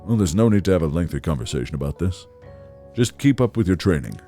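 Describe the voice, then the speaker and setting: A man voicing a stern middle-aged male café owner, reading game lines in a low, measured, dryly critical tone. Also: very animated, dark tone, soft background music. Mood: gruff. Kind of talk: reading game dialogue aloud in character.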